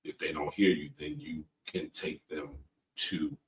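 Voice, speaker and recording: A man co-hosting a podcast, talking through scripture in a relaxed, reflective way and laughing easily. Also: a bass voice, a little slow. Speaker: podcast co-host. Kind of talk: casual faith-based discussion. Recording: distant mic with faint room noise.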